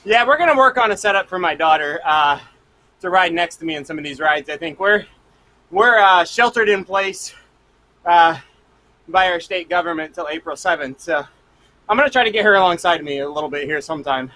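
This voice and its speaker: Bright, high-voiced laughing dad. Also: male voice, lively intonation, brisk. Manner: easygoing, laughs at himself. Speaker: rider and father on the stream. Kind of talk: casual chat.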